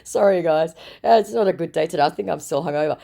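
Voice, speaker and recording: A woman's voice: sits low, rapid-fire, vocal fry, warm tone. A woman retelling an online chat in a sarcastic, mocking way. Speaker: scam-baiting video host.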